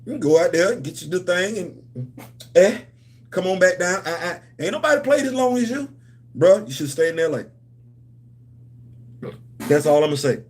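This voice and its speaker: High-voiced man in loose streamer chat. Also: lively intonation, normal speed, long pauses. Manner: loose, repetitive, playful banter with slang. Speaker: host of a comics and culture channel. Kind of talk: casual livestream chat.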